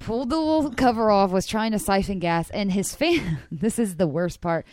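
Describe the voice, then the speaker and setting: A woman's voice: medium pitch, expressive, normal speed, darkish tone, slight background noise. A woman co-hosting a podcast, telling a story in a chatty, incredulous way. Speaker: podcast co-host. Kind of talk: casual storytelling.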